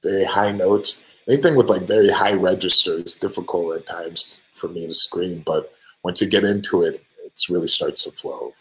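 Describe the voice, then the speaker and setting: Man, very low voice, live Q&A, friendly, thanks fans by name, halting with ums. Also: poor audio. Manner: relaxed, hesitant, many ums and restarts. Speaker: band singer answering fan questions. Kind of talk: live stream Q&A.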